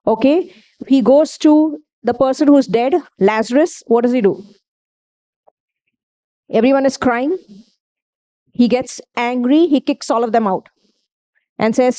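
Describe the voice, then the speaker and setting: A woman's voice: a little high, mellow. A woman preaching a sermon, emphatic, asking her listeners questions and answering them herself.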